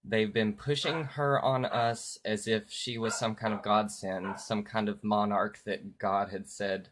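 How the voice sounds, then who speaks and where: A man giving a political rant on a live stream, halting and full of fillers at first, then loud and heated with swearing. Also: fairly low pitch, fairly even intonation, a little hiss or hum. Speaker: political vlogger.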